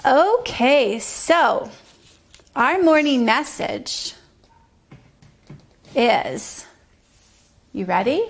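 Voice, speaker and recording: A woman leading a preschool circle time outdoors, talking slowly and sing-song, sometimes dropping to a whisper for guessing games. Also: high voice, sing-song, vocal fry. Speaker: preschool teacher.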